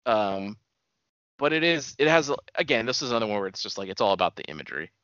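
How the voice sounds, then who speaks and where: A man's voice: fairly low pitch, fast talker, clean tone, no room sound. Podcast co-host, male, casual and rambling, dry close sound, slightly dull audio. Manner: animated, rambling, laughs often. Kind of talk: casual chat about movies.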